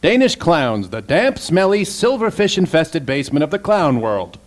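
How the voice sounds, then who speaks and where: A man putting on a cheeky robot puppet from a comedy series, his voice pushed higher than normal. He snaps out sarcastic jokes in quick, dry bursts. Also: expressive, natural voice. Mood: mocking. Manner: snappy, sarcastic quips. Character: wisecracking male robot puppet sidekick.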